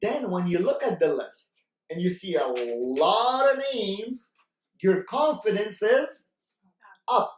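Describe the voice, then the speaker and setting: A man's voice: high voice, lively intonation, slow pace. A man giving a sales training talk, coaching the listeners and repeating his key points while often checking in with "right?". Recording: roomy echo, mic far off.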